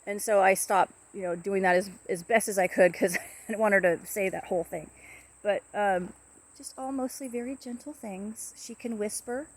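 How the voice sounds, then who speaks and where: A woman casually talking to camera about her pet parrot, rambling softly with many fillers and restarts. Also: medium pitch, normal speed.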